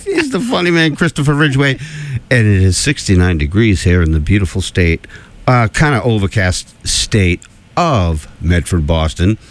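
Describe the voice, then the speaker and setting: Rambling lower-voiced radio host man. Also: big pitch swings, normal speed. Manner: rambling, filler-heavy, laughs often. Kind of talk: casual radio chat.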